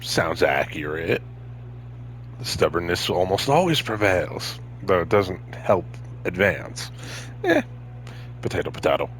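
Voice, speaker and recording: A man's voice: wildly swooping pitch, takes it slowly, fairly bright tone, slight background noise. A man giving casual, joking commentary while playing a video game. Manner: joking and chatty, jumping into high tones. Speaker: gameplay commentator.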